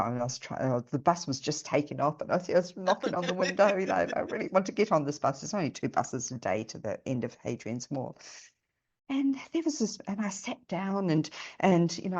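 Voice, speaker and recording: Low-voiced middle-aged woman telling a story. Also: highs cut off. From New Zealand. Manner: chatty, rambling, with many restarts. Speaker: guest. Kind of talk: casual storytelling chat.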